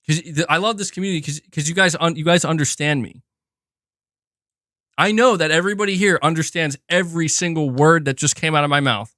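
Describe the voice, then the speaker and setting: A man hosting casual gaming commentary, animated and profane, restarting sentences and slipping into mocking impressions. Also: fairly high pitch, brisk, no echo, clean studio sound.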